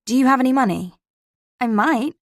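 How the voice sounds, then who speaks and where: An anxious young woman friend in an audiobook, pitched up and edgy, a bit gravelly underneath, with a dry, close sound. A woman narrator puts her on. She keeps asking questions, baffled and uneasy. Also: expressive, normal speed, no echo. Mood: puzzled. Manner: questioning, higher and brighter.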